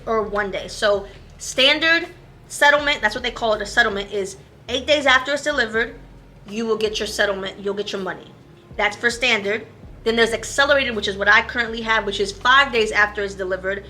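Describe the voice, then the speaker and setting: A woman who runs a made-to-order shop, chatting quickly and casually as she explains how selling online works. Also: a little high, bright, forceful tone, a little hiss or hum. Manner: fast-talking, chatty, self-aware about speed.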